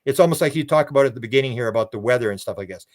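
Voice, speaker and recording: A man's voice: medium pitch, rapid-fire. An older man from Canada, a guest researcher in a casual interview, telling long rambling stories, repeating words and acting out voices he quotes.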